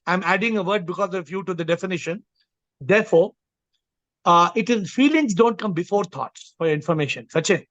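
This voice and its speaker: A man's voice: high-pitched, brisk, a bit bright, dry recording, lo-fi sound. A man leading an online group call as a spiritual teacher, explaining emphatically and repeating his phrasing. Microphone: video call.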